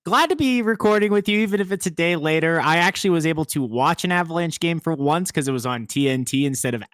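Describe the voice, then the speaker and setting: A laid-back male podcast co-host who pokes fun at himself and swears now and then. His voice sits fairly high for a man. The recording is dry and close. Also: fast talker, fairly bright tone, no echo. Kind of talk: casual podcast chat.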